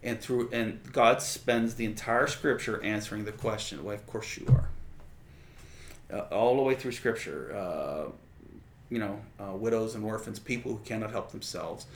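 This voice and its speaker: A man's voice: fairly low pitch, moderate pace, gravelly, a little hiss or hum. A man teaching a sermon in a conversational way, reading verses aloud and explaining them with frequent fillers. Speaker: preacher.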